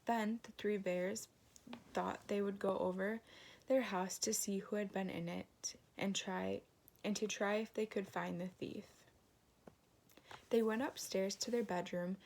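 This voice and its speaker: A woman reading a fairy tale aloud in a gentle storytelling manner, adding moralizing asides. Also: medium pitch.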